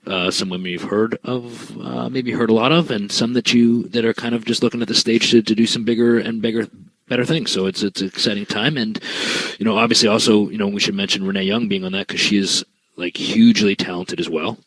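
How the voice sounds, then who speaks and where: A man's voice: on the low side, steady tone, fairly quick, fairly bright tone, no echo, poor audio. A man co-hosting a podcast, rambling and teasing in a laid-back casual chat. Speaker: podcast co-host.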